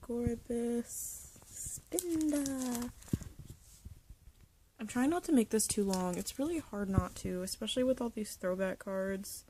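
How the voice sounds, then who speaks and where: A young woman chatting casually about her collection, nostalgic and rambling, sometimes dropping to a soft whisper. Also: medium pitch, expressive, a little fast, hardly any pauses, a little hiss or hum. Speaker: vlogger showing a card collection. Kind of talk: casual chat. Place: bedroom.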